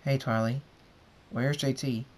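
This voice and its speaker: A man's voice: mid-range voice, fairly even intonation, unhurried, a little mellow, lightly acted. A man voicing an earnest young male pony king in a subdued, plain way, in an amateur storybook reading. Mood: determined.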